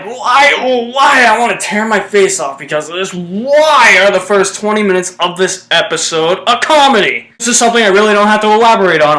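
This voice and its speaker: A man's voice: high-pitched, bright, forceful tone, reverberant. A young man giving a casual, exasperated review rant about a TV show. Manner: ranting, exasperated, blunt.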